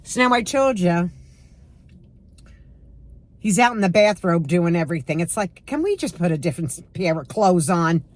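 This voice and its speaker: A woman's voice: lowish voice, lively intonation, moderate pace, long pauses, a little mellow, dry recording. A woman in her sixties chatting casually to camera at home, sarcastic and emphatic as she tells stories. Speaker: lifestyle vlogger.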